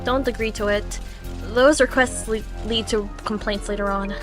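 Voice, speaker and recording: A calm, unbothered female investigator boss read by a young woman streamer. She keeps her voice lower and steady, delivering every line flat and matter-of-fact. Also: moderate pace, music in the background, close to an everyday voice. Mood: deadpan.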